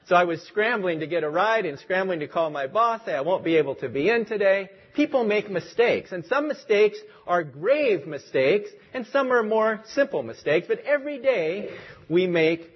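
A man's voice: sits high, breathy edge, highs cut off. A man preaching a sermon as pastor, leading a prayer and telling stories in an earnest, lightly humorous way.

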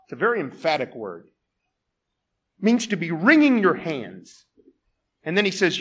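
A male preacher delivers a sermon in a fairly high, very animated voice. He presses his points with rhetorical questions. He rises to loud exclamations, then drops to a hush. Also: normal speed, long pauses, husky. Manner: emphatic, swings from loud exclamations to hushed tones.

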